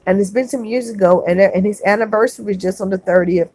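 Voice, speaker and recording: Soft-spoken consoling woman streamer. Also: mid-range voice, fast, no room sound. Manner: gentle, consoling, repeats phrases. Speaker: livestream host reading chat. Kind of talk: casual livestream chat. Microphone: phone.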